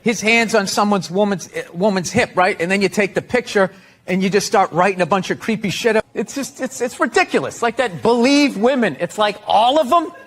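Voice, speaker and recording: Man, comedian, sarcastic blunt riffs, high animated voice, loud noise behind. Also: brisk. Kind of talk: comedy riffs and interview answers. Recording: clip with loud background noise.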